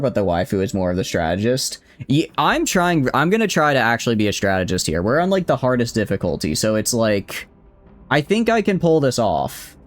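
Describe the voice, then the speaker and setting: A man with a Southern US accent, a game streamer talking playfully and teasingly to his chat while he plays. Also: mid-range voice. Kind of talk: casual live-stream chat.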